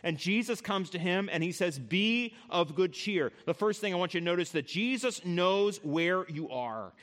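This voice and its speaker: A man with a somewhat high voice preaching a sermon. He talks in an easy, conversational way and often turns straight to his listeners. He is earnest, and his voice drops soft and low when he offers comfort. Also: animated, moderate pace. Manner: conversational, addresses listeners directly. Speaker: pastor.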